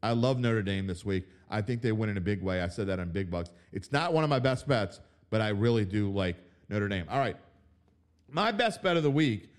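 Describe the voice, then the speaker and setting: A man hosting a sports betting podcast, ranting with mocking outbursts and dropping to low mutters. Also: lively intonation, normal speed. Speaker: podcast host. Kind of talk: opinionated sports betting talk.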